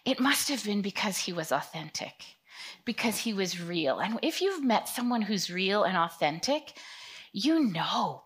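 A woman in her fifties giving a casual, conversational sermon, acting out scripture scenes in quick quoted voices. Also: medium pitch, a bit bright, slightly rough. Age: 50s. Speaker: preacher.

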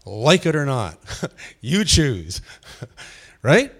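A man's voice: medium pitch, sing-song, drawn-out words, fairly bright tone. A man giving an informal teaching sermon, asking the room questions and chuckling often. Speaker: pastor leading a Bible study.

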